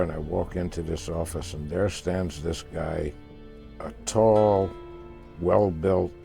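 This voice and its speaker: Old guy spinning a yarn, low voice, stumbles n repeats words, soft music behind. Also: creaky. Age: older. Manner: halting, repeats words when searching for them. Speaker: interviewee recounting a past voyage. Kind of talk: casual storytelling.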